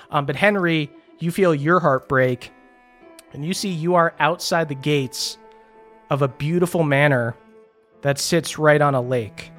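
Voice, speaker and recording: A game master narrating a tabletop game casually, with fillers and the odd swear. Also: mid-range voice.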